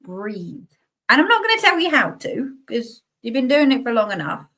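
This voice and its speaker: A woman's voice: a little high, big pitch swings, moderate pace, a bit bright. A middle-aged woman, a guest healer giving casual, chatty advice and laughing at herself.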